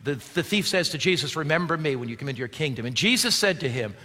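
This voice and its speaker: A man preaching a sermon as pastor, swinging from emphatic shouts to low, quiet passages. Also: expressive, fast talker, big-room sound.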